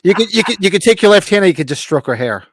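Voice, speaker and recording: A man's voice: sits high, animated, very fast, fairly bright tone, dry recording, studio quality. Rambling man hosting a live stream. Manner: rambling, restarts mid-sentence. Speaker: host. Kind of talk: casual live watch-along chat. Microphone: webcam stream setup.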